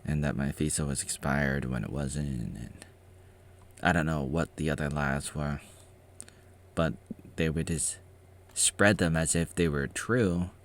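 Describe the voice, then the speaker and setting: Man, low voice, rambling casual reaction vlogger. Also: unhurried, pauses often. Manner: rambling, with frequent restarts. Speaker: vlogger reacting to his own documentary.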